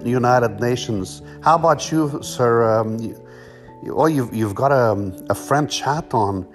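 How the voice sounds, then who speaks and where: Halting male comedy host. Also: medium pitch, soft background music. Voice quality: loose, halting, full of fillers. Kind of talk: mock street interview.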